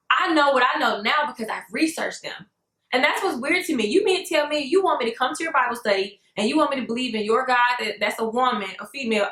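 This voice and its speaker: High, bright-voiced sassy young woman. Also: echoey room, rough recording. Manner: sassy, animated, keeps addressing viewers as "girl". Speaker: vlogger. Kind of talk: story time vlog.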